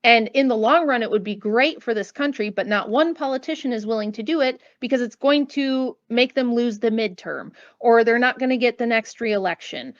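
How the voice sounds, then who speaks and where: A woman's voice: a little high, moderate pace, few pauses, highs cut off. An American woman, a guest author, giving blunt, emphatic opinions in an interview with casual asides. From United States.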